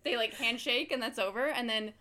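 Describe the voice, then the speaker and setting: A woman's voice: fairly high pitch, brisk. A woman co-hosting a casual chat, animatedly recapping a show and acting out quotes. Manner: animated storyteller, acts out quotes, laughs often. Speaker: podcast co-host.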